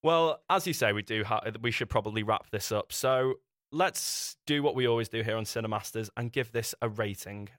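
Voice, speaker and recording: A man's voice: on the low side, normal speed, a bit bright, no echo, clean studio sound. A young man hosting a podcast, chatting casually and often restarting his sentences. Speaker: podcast host. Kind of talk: casual chat.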